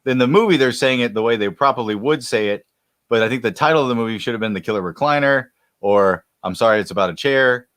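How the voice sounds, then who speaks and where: A man's voice: mid-range voice, fast talker, fairly bright tone, dry recording, studio quality. A man co-hosting a podcast, chatting casually with rambling, profane jokes. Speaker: podcast co-host. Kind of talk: casual comedic chat.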